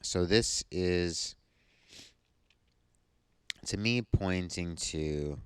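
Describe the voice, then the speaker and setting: A man giving a tarot reading to his viewers, sleepy and yawning, explaining each card slowly and thoughtfully. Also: deep voice, clear, resonant tone, dry recording, studio quality. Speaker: tarot reader.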